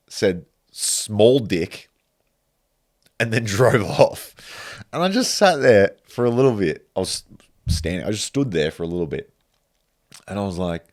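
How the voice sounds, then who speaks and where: A man's voice: deep voice, darkish tone. A man hosting a podcast, telling a road-rage story in casual chat, laughing often and swearing freely. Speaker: podcast host.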